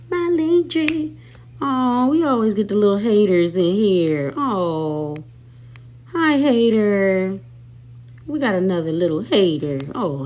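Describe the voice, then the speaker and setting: A woman hosting a casual live stream from home on her phone, talking sassily straight to her viewers and swinging between loud and soft. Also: lowish voice.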